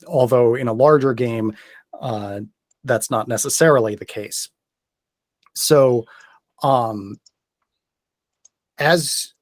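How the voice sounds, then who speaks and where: A male game master explains rules in a careful, hesitant, methodical way. His voice sits at a middle pitch for a man. The sound is dry and close, with little room. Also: dry recording.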